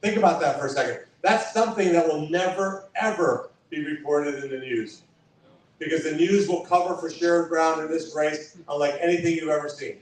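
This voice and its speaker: A man's voice: fairly high pitch, a little fast, a little hiss or hum. A man giving a campaign stump speech. He talks emphatically, whose first language is Spanish, and repeats key lines for effect. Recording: echoey hall from far off.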